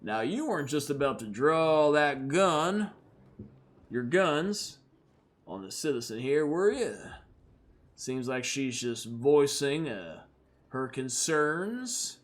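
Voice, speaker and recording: A laid-back, dangerous space cowboy, as a man puts him on for a tabletop game. He drawls slow and low, calm on the surface with a quiet threat under every word. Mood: cool threatening. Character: cool, drawling space cowboy bounty hunter.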